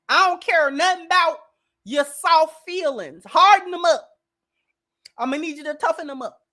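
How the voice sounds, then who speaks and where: Bright, high-voiced sassy woman commentator. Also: moderate pace. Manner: sassy, emphatic, calls listeners baby. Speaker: commentary channel host. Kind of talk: opinionated reaction commentary.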